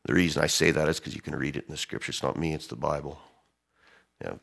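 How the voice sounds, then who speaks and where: A man preaching a sermon, animated, swinging from loud emphasis to hushed tones as he acts out quotes. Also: extremely low pitch, fast, creaky. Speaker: pastor.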